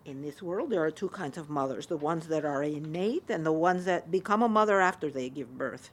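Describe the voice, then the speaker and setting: A woman playing a gentle mother. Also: low-pitched, fairly quick. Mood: tender. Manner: gentle, soft-spoken reassurance. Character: loving Spanish mother, older woman, tender and wise.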